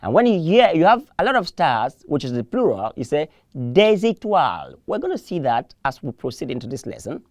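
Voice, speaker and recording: A woman leads a televised French lesson in a low, animated voice whose pitch swings widely. She drills each word over and over and gently corrects learners who say it wrong. The sound is dry and close. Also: a little fast, hardly any pauses. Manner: patient drilling, repeats words for learners to echo; encouraging, gently corrects mispronunciations. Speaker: French teacher.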